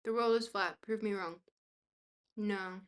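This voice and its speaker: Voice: mid-range voice, steady tone, a little slow, a bit bright, clean tone. A young adult streamer in casual chat, reading messages aloud and answering them in a dry, joking, rambling way.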